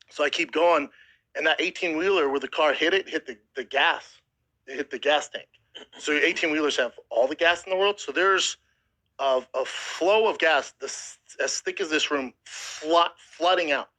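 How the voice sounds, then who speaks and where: His voice is fairly high and his pace normal, though the audio is poor. A podcast host in his thirties, he tells a harrowing story in profane, casual chat, animated and acting out quotes, emotional enough to near tears at times.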